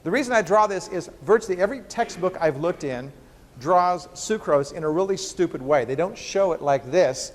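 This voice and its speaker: Recorded in a lecture hall with lots of reverberation, a high-pitched, expressive male voice at normal speed belongs to a biochemistry professor giving a humorous lecture laced with rhetorical questions for his students.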